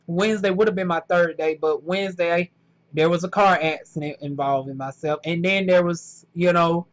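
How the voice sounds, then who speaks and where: A woman's voice: fairly low pitch, fairly even intonation, normal speed. A woman vlogger talking casually to camera about her new job, rambling a little with fillers and restarts.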